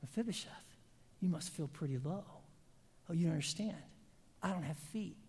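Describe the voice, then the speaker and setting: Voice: medium pitch, normal speed, gravelly, darkish tone, in a large hall, lightly acted. A preacher voicing a broken, self-pitying crippled man. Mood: pleading.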